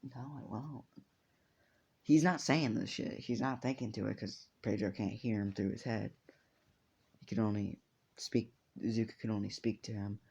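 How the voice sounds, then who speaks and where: A man's voice: on the low side, fairly even intonation, moderate pace, gravelly, a little mellow, breathy edge. Man, rambling improvised storytelling, lots of swearing, muffled lo-fi recording. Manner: rambling, profane, off-the-cuff. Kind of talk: improvised fan-story narration.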